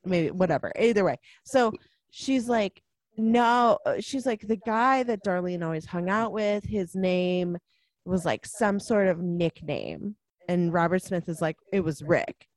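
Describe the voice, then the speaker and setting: A woman in casual conversation about a film, animated, laughing often and acting out characters' lines. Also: fairly low pitch, unhurried, no room sound. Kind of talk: casual movie discussion.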